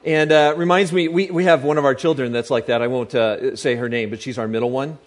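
A man's voice: medium pitch, fairly even intonation, brisk. A man preaching a sermon to a live audience in a chatty, joking way, often asking the crowd questions.

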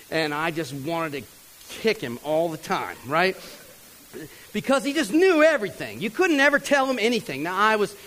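Animated man telling a sermon story. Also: low-quality recording. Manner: animated, talks to the crowd, mimics others in a higher voice.

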